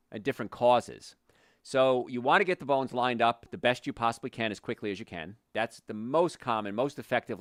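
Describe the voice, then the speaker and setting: On a clean studio recording with no room sound, a mid-range male voice hosts a health talk show as a chiropractor. His delivery is passionate and blunt; he gets worked up over his opinions, then settles down again.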